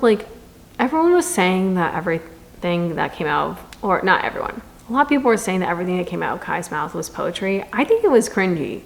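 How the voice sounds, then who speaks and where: A woman's voice: mid-range voice, vocal fry, slight background noise. A young woman reviewing a book in a casual vlog, reading quotes aloud dramatically and answering them with sarcastic, exasperated asides.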